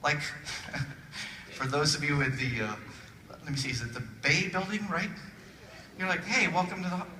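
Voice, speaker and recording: This man's voice sits a little high as he gives a funny motivational keynote at a moderate pace with long pauses, playfully acting out little voices. An audience member recorded it by phone from a distance in a large, echoey hall, where laughter and crowd noise can be heard.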